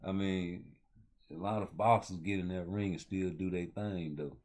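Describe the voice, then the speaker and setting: Male host, very low voice, loose slangy boxing rant. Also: steady tone, moderate pace, darkish tone. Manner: loose, rambling street talk with heavy slang. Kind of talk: casual boxing commentary.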